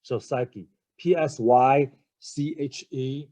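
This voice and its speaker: Male teacher, unhurried and warm-toned, spells out words, checks in often, hesitant delivery. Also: medium pitch, fairly even intonation. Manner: spells words letter by letter and checks in with "okay?" and "right?"; hesitant, many fillers and restarts. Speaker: English teacher. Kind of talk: recorded vocabulary lecture.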